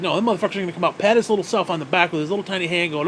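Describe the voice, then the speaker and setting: A man's voice: high voice, rapid-fire, a bit bright, a little hiss or hum. A man delivering an angry, profanity-laden rant to camera, sarcastic and swearing constantly. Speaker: vlogger. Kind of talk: profane ranting monologue.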